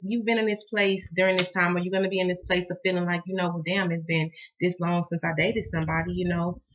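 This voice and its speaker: A woman's voice: mid-range voice, dull audio, a little hiss or hum. A woman with a Southern American accent giving a casual tarot reading, laughing often and cussing freely as she tells stories. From Southern United States. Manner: laughs often, cusses, lively storyteller. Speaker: tarot card reader.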